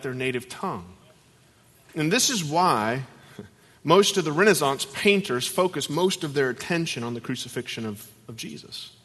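A man preaches in an animated storytelling style, his voice bright and sharp and a little high. The sound rings with the long reverb of a large church sanctuary. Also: husky. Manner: animated, acts out voices in stories. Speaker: guest pastor. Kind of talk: sermon with storytelling.

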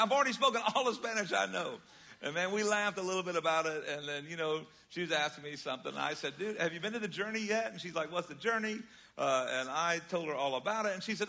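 Older pastor preaching, bright slightly high voice, chatty storytelling, gets loud then drops quiet. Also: male voice, big pitch swings, a little fast. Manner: conversational, storytelling, swings from loud emphasis to quiet. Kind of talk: sermon.

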